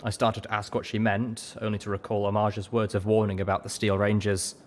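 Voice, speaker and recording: Low-voiced man reading a story aloud. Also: flat delivery, brisk, a little hiss or hum. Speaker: audiobook reader. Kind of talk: first-person story narration.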